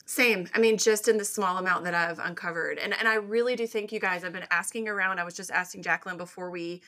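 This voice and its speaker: Enthusiastic woman podcast host with a bright voice. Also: on the low side, steady tone, fast. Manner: effusive, enthusiastic. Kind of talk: podcast interview.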